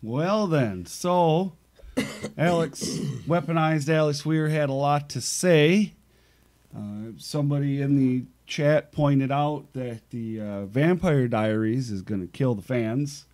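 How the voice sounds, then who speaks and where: Slow, hesitant male show host. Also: medium pitch, lively intonation, darkish tone. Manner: hesitant, filler-heavy. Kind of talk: casual show chat.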